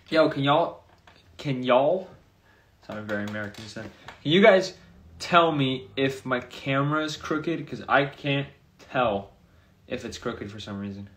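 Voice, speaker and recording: A young man talks into his phone during a casual livestream. He drifts from one viewer comment to the next in a loose, chatty way, with a voice that sits at an ordinary middle pitch. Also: a bit bright. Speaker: streamer answering viewer comments.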